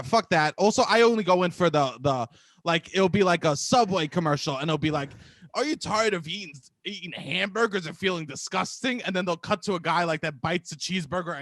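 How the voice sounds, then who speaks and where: A man in his thirties co-hosting a casual comedy podcast, animated and jokey, often breaking into loud laughter. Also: fairly high pitch, no echo. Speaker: co-host.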